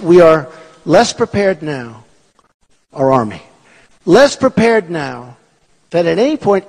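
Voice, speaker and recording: A man in his sixties giving a repetitive, emphatic and boastful rally speech in a large hall. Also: a little high. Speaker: political candidate speaking at a rally. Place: large performing arts hall. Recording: long hall reverb.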